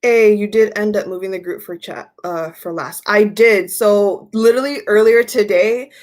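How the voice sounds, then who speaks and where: A woman's voice: medium pitch, normal speed. A woman hosting a tarot livestream, chatting casually and telling stories in a rambling way, often repeating herself. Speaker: tarot reader and livestream host.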